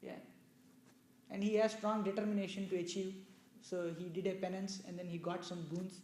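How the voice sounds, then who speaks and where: A mellow, soft-edged male voice explains old scripture in an easygoing, unhurried way, leaning on casual asides. The sound rings a little off the walls of an indoor room, with a faint hum underneath. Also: high voice, level tone. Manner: loose, explanatory, with many "you know" asides. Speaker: religious storyteller. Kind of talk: conversational scripture discourse with questions. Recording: echoey room.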